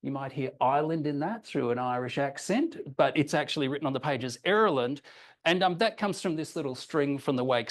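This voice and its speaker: A man's voice: on the high side, animated, fairly quick. Man giving an academic talk. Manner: explanatory, checks in with listeners; hesitant, frequent ums and restarts. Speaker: academic presenting a paper. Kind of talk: conference talk with slides.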